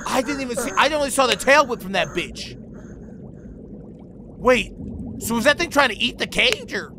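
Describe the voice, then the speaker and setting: Excitable, high-pitched cursing gamer man. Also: moderate pace, background noise. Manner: excitable, profane, shouting reactions. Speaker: gaming video host. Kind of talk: let's play commentary. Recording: game music behind.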